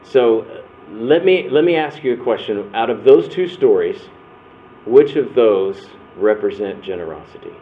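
A man's voice: on the low side, animated, measured pace, a little hiss or hum. Storytelling man, tinny phone-like sound. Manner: conversational, restarts and acts out quotes. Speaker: breakout session speaker. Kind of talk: storytelling church workshop talk.

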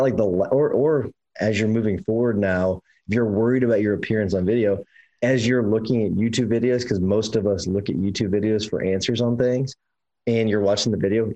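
A man's voice: fairly low pitch, a little mellow, low-quality recording. A man co-hosting a podcast in casual chat, emphatic and swearing freely, his voice climbing when he presses a point. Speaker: podcast co-host.

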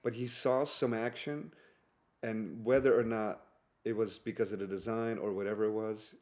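A man's voice: lowish voice, normal speed. A man speaking English as a second language, telling stories in a casual conversation and acting out what people said. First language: not English. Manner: animated storyteller who acts out quotes. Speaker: guest.

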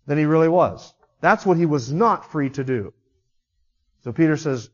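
A male pastor delivers a sermon with emphatic swells and sudden quiet drops. His voice sits a little high for a man. The sound is muffled and carries a long reverb from a large church sanctuary. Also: lively intonation, moderate pace. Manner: emphatic, rising and dropping sharply in volume.

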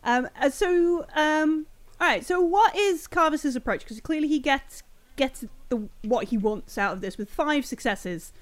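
Woman game master, high voice, hesitant narration with fillers. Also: lively intonation, measured pace, few pauses.

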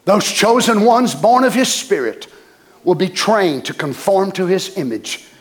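Impassioned preacher. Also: male voice, sits high, animated, a little slow. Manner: impassioned, swinging from shouts to whispers. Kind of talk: sermon.

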